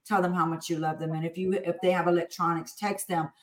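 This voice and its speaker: A woman's voice: lowish voice, fast talker. A woman from Texas, a business-owner guest, chatting casually and acting out family conversations as she tells stories. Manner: animated, acts out family dialogue. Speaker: entrepreneur guest. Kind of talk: casual interview storytelling. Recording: echoey room.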